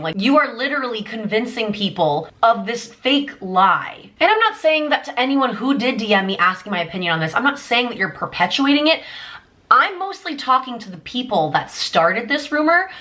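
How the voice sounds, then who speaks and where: A woman's voice: on the high side, sing-song, a little fast, pushed and bright. A woman in her twenties giving an emphatic, indignant fan commentary to her vlog audience, full of "like". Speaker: YouTuber.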